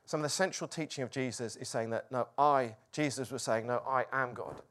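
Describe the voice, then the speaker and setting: A man preaching a sermon, moving between loud exclamations and hushed, quiet lines. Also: medium pitch, brisk.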